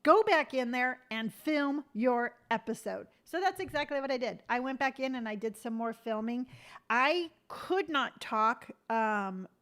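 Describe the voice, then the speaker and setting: Chatty middle-aged woman, rather high voice. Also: expressive, measured pace, a bit bright. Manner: chatty, rambling storytelling with many fillers; reads viewer comments aloud and answers them. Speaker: lifestyle vlogger hosting a live stream. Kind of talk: casual live-stream chat.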